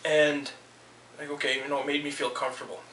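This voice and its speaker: A man's voice: on the high side, little pitch movement, fairly quick, bright, forceful tone, roomy sound, far from the mic, slight background noise, low-quality recording. A man venting in a heated, swearing rant about being let go from his job. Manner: heated, swearing, quotes people in raised voices. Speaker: vlogger. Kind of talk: angry personal rant.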